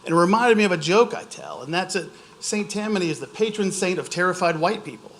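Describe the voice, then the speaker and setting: A man's voice: high voice, big pitch swings, a little fast, very noisy. A man from Louisiana giving an impassioned public comment at a board meeting, telling stories and laughing at times.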